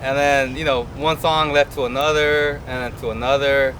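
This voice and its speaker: A man's voice: mid-range voice, steady tone, normal speed, a bit bright, a little hiss or hum, low-quality recording. A man in his thirties, the groom, casually telling a story to the camera with lots of fillers. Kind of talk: interview to camera.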